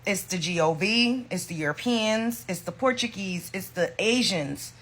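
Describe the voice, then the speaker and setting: A woman's voice: medium pitch, animated, measured pace, fairly bright tone. A woman from the United States giving pointed reaction commentary that rebuts a clip.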